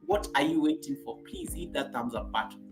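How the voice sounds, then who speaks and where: A woman's voice: deep voice, fairly quick, faint music behind. A woman from Kenya with a Kenyan accent, hosting a casual live stream and chatting with viewers, laughing often and repeating herself.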